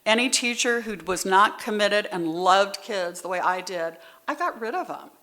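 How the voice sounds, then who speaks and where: A woman's voice: mid-range voice, lively intonation, normal speed, sharp tone. A middle-aged woman speaking at a recovery meeting, telling her story candidly and conversationally, heartfelt and near tears at times. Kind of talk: personal testimony at a meeting.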